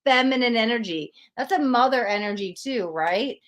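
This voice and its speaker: A woman's voice: on the high side, lively intonation, moderate pace, fairly bright tone. A young woman hosting a live-stream tarot reading, emotional and gushing as she talks straight to her viewers.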